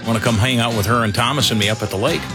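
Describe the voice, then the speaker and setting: A man's voice: mid-range voice, very fast, over music. A middle-aged man hosting a talk show in casual, rambling banter full of fillers. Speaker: radio show host.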